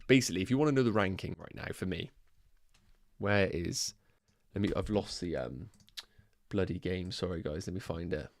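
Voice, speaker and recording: A man with a low voice hosts a casual livestream, thinking aloud and chatting to his viewers. The sound is dry and close, with no room echo. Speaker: fantasy football livestream host.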